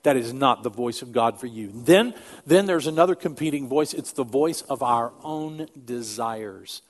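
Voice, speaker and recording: An older man, a pastor, preaching a sermon in an earnest, emphatic way that drops to quiet asides. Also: medium pitch, expressive, normal speed.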